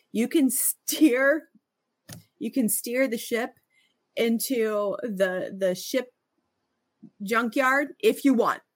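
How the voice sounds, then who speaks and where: A woman's voice: medium pitch, breathy edge, no echo. Middle-aged woman, earnest co-host, stammering restarts, dry close mic. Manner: earnest, frequent restarts and stammers, laughs often. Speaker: podcast co-host. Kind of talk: reflective conversational talk.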